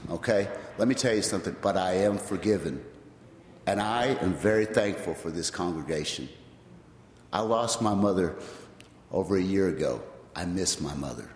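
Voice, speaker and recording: Low-voiced man telling his testimony in a church. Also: normal speed, slight background noise. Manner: storytelling with repeated "well, guess what?". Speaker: church member giving testimony. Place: large church sanctuary. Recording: echoey hall with long reverb.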